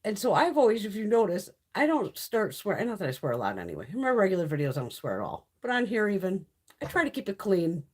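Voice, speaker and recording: Husky, lively middle-aged woman chatting. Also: mid-range voice, fast. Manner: chatty and blunt, swears freely, laughs often. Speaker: beauty YouTuber hosting a live stream. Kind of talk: casual live-stream chat.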